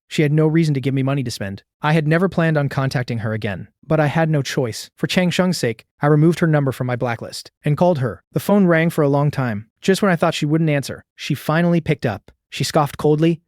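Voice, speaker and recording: A man's voice: on the high side, darkish tone, no echo, studio quality. A man narrating a first-person story in a subdued, sorrowful manner.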